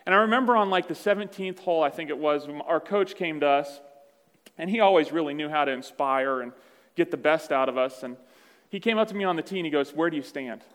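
A man with a slightly high voice preaches in a conversational, self-deprecating storytelling manner. His words ring out with a long reverb through a large church hall. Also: fast talker, fairly bright tone. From Virginia, USA. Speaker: pastor. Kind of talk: sermon. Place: church sanctuary.

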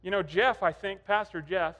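Brief: male preacher, conversational storyteller, higher pitch, long church reverb. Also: normal speed, pushed and bright. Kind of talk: sermon.

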